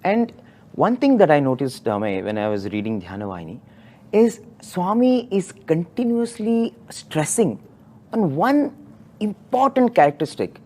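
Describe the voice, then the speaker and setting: A speaker in a devotional discussion, telling a personal story with lively retold dialogue. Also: mid-range voice, moderate pace.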